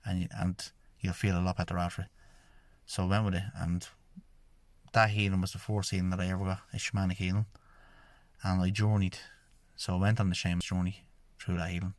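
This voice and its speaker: A man's voice: sits low, level tone, brisk, no echo. An Irish man, a shamanic healer, telling his own story in a rambling monologue that keeps repeating "I says" as he retells conversations. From Ireland. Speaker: podcast host, shamanic healer.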